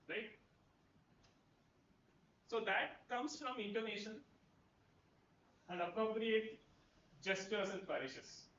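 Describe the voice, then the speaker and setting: A man with a high, lively voice gives a lecture and peppers it with "right?" as he goes. His tone is bright and a bit sharp. The sound is dull and echoes through a big room. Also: slight background noise. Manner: conversational, keeps asking "right?". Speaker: professor giving a talk. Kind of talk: lecture to students.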